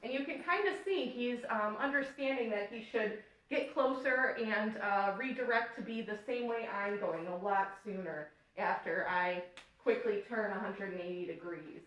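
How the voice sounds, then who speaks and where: A woman's voice: mid-range voice, moderate pace, fairly bright tone. A woman dog trainer explaining walking techniques in a casual, chatty way, with firm, short commands to the dog. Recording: echoey room, mic at a distance.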